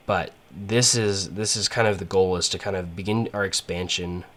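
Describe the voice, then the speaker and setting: A man's voice: deep voice, steady tone, normal speed, bright, forceful tone. A man giving rambling, casual gameplay commentary, full of fillers and restarts. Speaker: gaming channel host.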